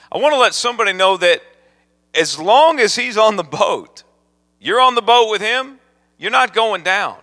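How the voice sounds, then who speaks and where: Male guest evangelist, fervent sermon delivery, high and bright, big reverberant hall. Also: normal speed, long pauses. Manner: builds from calm storytelling to fervent preaching.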